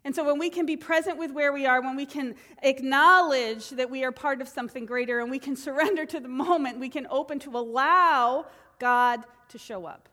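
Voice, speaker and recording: A middle-aged woman minister giving a sermon, animated, acting out quotes with voice changes. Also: high-pitched, a little fast. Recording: long reverb of a hall.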